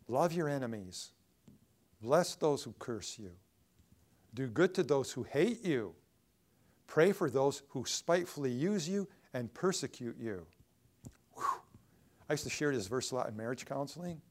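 Guy preaching a sermon in church, acts out the quotes big and loud then goes soft and hushed. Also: medium pitch. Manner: dramatic, acts out quoted pleas in a raised voice. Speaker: pastor.

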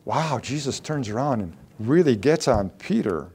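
A man's voice: medium pitch, lively intonation, moderate pace, a little mellow, slightly rough. A man preaching a conversational sermon to a congregation, growing emphatic when he acts out quoted lines.

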